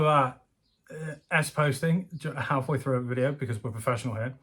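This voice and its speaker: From a room in his home, a YouTuber with a husky, slightly bright mid-range voice chats at a moderate pace. His commentary is casual and jokey, full of rambling, self-deprecation and frequent laughs.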